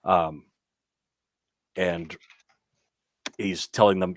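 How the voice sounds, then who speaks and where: A young man with a low voice runs a tabletop game, talking his way through the scene with plenty of ums and restarts. The sound is dry and close, with little room around it. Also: fairly even intonation, unhurried, long pauses, no echo. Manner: rambling, full of ums and restarts. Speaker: game master.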